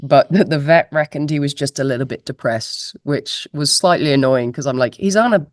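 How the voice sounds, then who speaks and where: A woman's voice: deep voice, moderate pace, no room sound, clean studio sound. A woman, a guest musician chatting casually in an interview and laughing at herself, heard through a laptop microphone on a video call. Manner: chatty, laughing, self-deprecating. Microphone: laptop mic on a video call.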